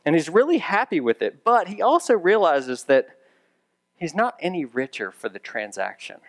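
A man's voice: on the high side, sing-song, normal speed. A man preaching a sermon as pastor, conversational with dry humorous asides, building to emphatic raised repetitions.

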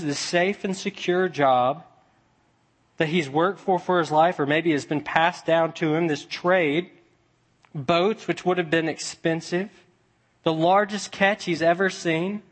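Slightly high-voiced male preacher. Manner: conversational storytelling with dramatic hushed drops. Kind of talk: sermon.

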